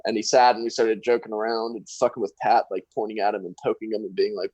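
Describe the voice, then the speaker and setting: A man's voice: on the low side, flat delivery, fast, hardly any pauses, darkish tone, husky, no room sound, rough recording. A young man co-hosting a podcast, telling a story in a casual, profane way and acting out what people said. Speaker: podcast co-host.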